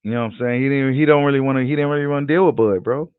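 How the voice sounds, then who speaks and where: Animated profane man on a tinny line. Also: medium pitch, rapid-fire, clean tone, no echo. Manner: animated, profane, slangy, repeats himself. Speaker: boxing channel host. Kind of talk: casual livestream chat reading comments. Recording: tinny phone-like audio.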